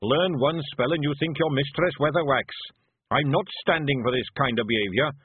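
A man's voice: medium pitch, normal speed, husky, no echo, voice pushed up, lightly acted. A man voicing a pompous, short-tempered male dwarf shopkeeper who talks loftily and blusters, on a tinny recording. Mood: indignant. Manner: lofty, blustering, indignant. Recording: tinny phone-like audio.

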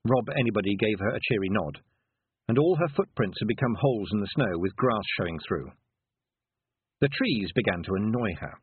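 An audiobook narrator with a husky, breathy, lowish male voice reads a scripted story, his delivery lively and rising and falling, with well-timed dramatic pauses. The recording is dry and close with no room sound, but thin and tinny like a phone line.

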